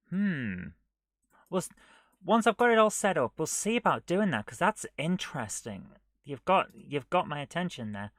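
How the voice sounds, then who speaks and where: A man streaming himself coding a retro game live, thinking aloud, muttering half to himself and scolding his software. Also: on the high side, big pitch swings, moderate pace, no echo, studio quality. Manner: muttering to himself while he works, often dropping to a near whisper; chatty and self-mocking, scolding the software.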